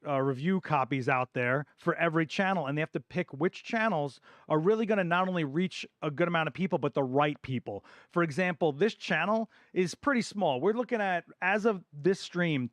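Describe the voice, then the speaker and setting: A middle-aged man hosting a live photography Q&A stream, talking passionately and emphatically, repeating words for stress, his voice going a bit hoarse. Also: fairly high pitch, fairly bright tone, no echo. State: voice getting hoarse. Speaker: photography channel host. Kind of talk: live Q&A stream, opinion rant.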